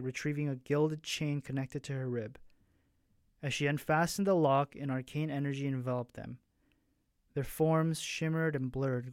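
Man reading aloud his own story softly. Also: fairly high pitch, no room sound, studio quality. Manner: soft, hushed reading with slips and restarts.

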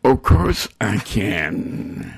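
An older man with a gravelly voice tells bawdy tales as a guest musician. His pitch moves a lot, rising and falling as he talks. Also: very animated, extremely slow. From Georgia, US. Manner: bawdy, growly storyteller. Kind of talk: storytelling interview.

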